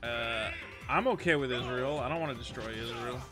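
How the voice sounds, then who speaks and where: A man streaming a video game, chatting casually with animated, exasperated rants. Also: mid-range voice, a little fast. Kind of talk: casual chat while gaming. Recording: game music under the voice. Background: video game music.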